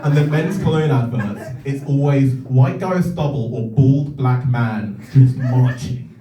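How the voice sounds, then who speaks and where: Animated comic in an echoey club. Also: male voice, mid-range voice, a little slow, loud music behind the voice. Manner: animated storytelling, rising to shouts in excitement. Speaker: stand-up comedian. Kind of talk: stand-up comedy set. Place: comedy club stage. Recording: echoey room, heard from a distance. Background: audience laughter.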